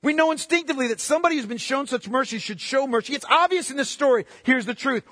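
High-voiced impassioned male preacher. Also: fast talker, no room sound, studio quality, long reverb tail. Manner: impassioned, rhetorical questions, swings from loud to hushed. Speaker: pastor. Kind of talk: sermon.

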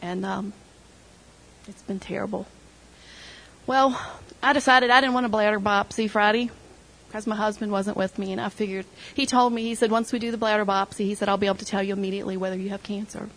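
A woman's voice: medium pitch, steady tone, fairly quick, a bit bright, rough recording. A middle-aged woman sharing an emotional personal testimony with her church group, retelling conversations as she goes. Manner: emotional storytelling, quoting others.

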